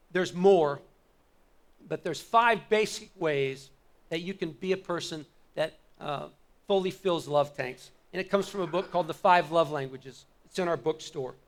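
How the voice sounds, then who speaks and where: A middle-aged male pastor with a notably high voice delivers a sermon in a church sanctuary. He talks in an easy conversational way, then presses home his points with emphatic repeated calls. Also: fairly bright tone.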